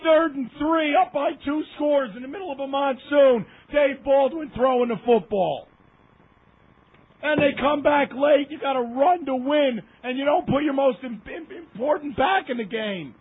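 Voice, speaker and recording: A man's voice: very high-pitched, a little slow. A man delivering an impassioned, emphatic sports rant, repeating himself for effect. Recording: tinny phone line.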